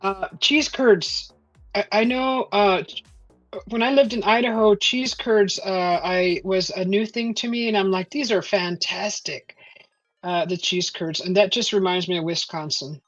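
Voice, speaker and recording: At a moderate pace, a woman with a mid-range voice hosts a casual livestream from home, rambling with lots of "uh"s as she reads viewer comments and talks with her audience. It's a dry recording of dull lo-fi stream audio with faint music.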